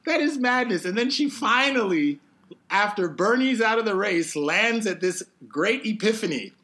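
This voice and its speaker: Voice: medium pitch, moderate pace. A co-host of a round-table podcast who teases the others and steers the talk back on track. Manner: teasing, animated, steers the talk. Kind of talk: casual round-table chat.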